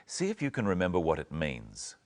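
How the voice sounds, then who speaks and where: Man, very low voice, wide-ranging intonation, scripted lesson narration, slow clear teaching. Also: huge pitch swings. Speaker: presenter.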